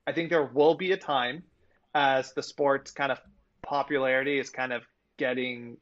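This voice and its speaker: A man co-hosting a casual sports chat, talking in an animated way and swearing freely. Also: mid-range voice, normal speed, lo-fi sound. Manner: animated, swears freely, laughs between points. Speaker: podcast co-host.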